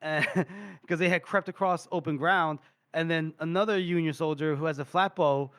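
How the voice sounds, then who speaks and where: A man's voice: a little high, steady tone, moderate pace, a bit bright. A man co-hosting a podcast, retelling a book chapter in casual, rambling chat full of fillers. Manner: rambling, filler-heavy storytelling. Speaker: podcast co-host.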